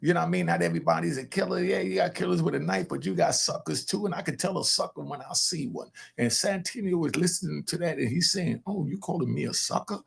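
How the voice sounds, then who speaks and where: An older man and grandfather hosting a casual commentary show, animated and talking straight to his viewers. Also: a little high, quick pace, gravelly, hardly any pauses, husky. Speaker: commentator host.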